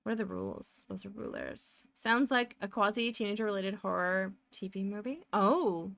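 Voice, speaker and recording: A woman's voice: medium pitch, sing-song, normal speed, vocal fry, fairly bright tone, no echo. Woman streamer chatting while she draws, rambly and giggly, pretty dry close mic. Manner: rambling, self-narrating, laughs often, trails off. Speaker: live streamer. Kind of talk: casual chat while drawing live.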